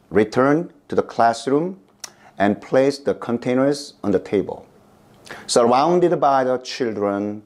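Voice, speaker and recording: A middle-aged male pastor with a Korean accent, preaching a sermon in a slow, emphatic way. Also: darkish tone. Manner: slow, emphatic delivery with big pitch swings.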